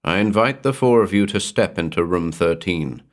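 A man voicing an eerie blank-faced male hotelier in a horror audiobook, speaking in hollow, monotonous, formal tones. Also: deep voice. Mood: solemn. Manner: measured, formal, softly commanding.

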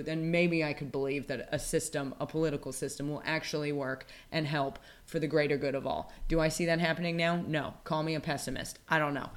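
A woman's voice: deep voice, steady tone, fairly quick, few pauses. A woman co-hosting a casual podcast chat, ranting with heavy profanity and sarcasm. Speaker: podcast co-host.

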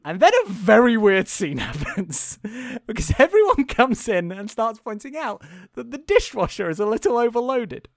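A young man co-hosting a casual chat, recapping a film in an animated, laughing way and swearing freely. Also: sits high, normal speed, creaky, dry recording, studio quality. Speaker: podcast co-host.

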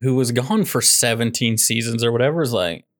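A man's voice: mid-range voice, fairly quick, no echo, studio quality. A man co-hosting a casual movie podcast, ranting with sarcasm about a show he disliked. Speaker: podcast co-host.

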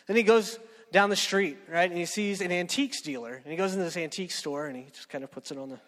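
A man's voice: sits high, fast talker, a bit bright, in a large hall. A man preaching a sermon in a conversational storytelling way, often checking in with "right?". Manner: conversational, keeps asking "right?".

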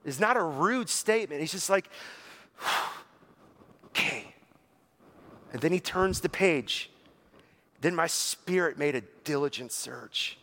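A man speaks expressively at normal speed, preaching a sermon in a conversational, earnest tone. He paraphrases a psalm aloud, fills his speech with "like," and his voice grows low and soft near the close.

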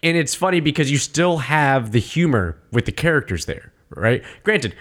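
A man co-hosting a casual podcast chat, emphatic and halting, often restarting his sentences. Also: a little high, lively intonation, fairly bright tone. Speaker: podcast co-host.

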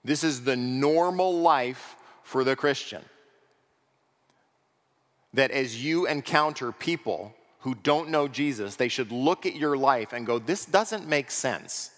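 A pastor preaching a sermon in a conversational way, often checking in with the congregation through rhetorical questions. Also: male voice, medium pitch, takes it slowly, fairly bright tone. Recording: long reverb of a large hall.

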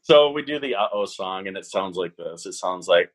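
A man's voice: low voice, moderate pace, few pauses, dry recording, rough recording. A man who teaches a parenting class, telling stories in a casual chat and acting out the voices he quotes. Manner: animated, acts out quoted voices.

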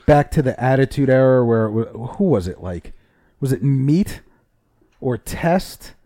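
A man in casual chat, animated and swearing as he retells quotes. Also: medium pitch, unhurried, no echo, studio quality. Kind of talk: casual chat about pro wrestling.

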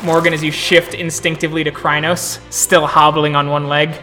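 A man's voice: on the high side, little pitch movement, normal speed, sharp tone, faint music behind. A man narrating a tabletop role-playing game as storyteller, describing the action in vivid, gory detail.

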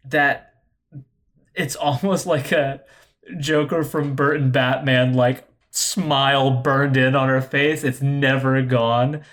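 Expressive man reacting on a podcast. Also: medium pitch, slow pace. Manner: expressive, acts out his own reactions, many restarts. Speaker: podcast co-host or guest. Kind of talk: casual podcast film discussion.

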